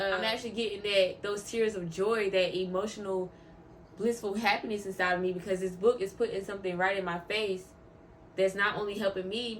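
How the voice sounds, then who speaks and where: A woman's voice: mid-range voice, a little hiss or hum. Heartfelt rambling woman vlogger. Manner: heartfelt, rambling, openly emotional; repeats words for emphasis. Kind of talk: casual faith vlog talk.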